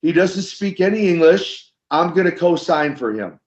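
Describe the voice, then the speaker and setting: With a fairly high pitch and a moderate pace, an older man tells stories in an interview, animatedly voicing the dialogue along the way. He was a wrestler before becoming a minister, and the sound is slightly dull and lo-fi.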